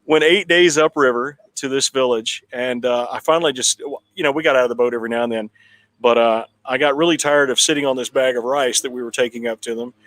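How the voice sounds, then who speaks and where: A man in a town hall conversation telling a long personal story in a relaxed, rambling way with frequent restarts. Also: medium pitch, fast. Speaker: political candidate guest.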